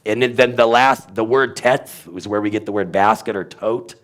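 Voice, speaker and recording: A man's voice: low-pitched, fairly even intonation, moderate pace, few pauses. A man teaching letter sounds in a casual chat, repeating syllables and drilling pronunciation aloud. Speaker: guest teacher.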